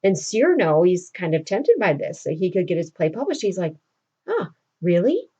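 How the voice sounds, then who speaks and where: A woman's voice: on the low side, sing-song, a little fast, warm tone, husky. Woman teacher, casual chatty recap, lots of fillers, muffled lo-fi sound. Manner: chatty storytelling with many fillers. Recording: dull lo-fi recording.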